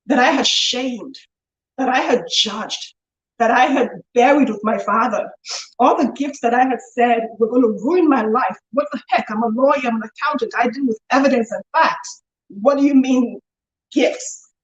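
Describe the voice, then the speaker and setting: Middle-aged woman coach, candid, lively, slightly high voice, roomy echo. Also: moderate pace, lo-fi sound. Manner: candid and animated, acts out quoted voices. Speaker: business coach. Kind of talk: casual talk to camera. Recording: echoey room.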